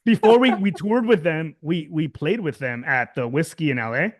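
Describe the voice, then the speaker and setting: A man's voice: fairly high pitch, expressive, normal speed. A man in his thirties, a guest musician from Southern California, talking casually in an interview, rambling with lots of fillers and restarts. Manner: rambling, many fillers and restarts, laughs often.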